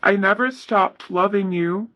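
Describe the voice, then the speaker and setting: Bright-voiced woman giving a tarot reading. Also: medium pitch, a little slow, lo-fi sound, slight background noise. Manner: soft, hesitant, reads card messages aloud with many fillers. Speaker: tarot reader.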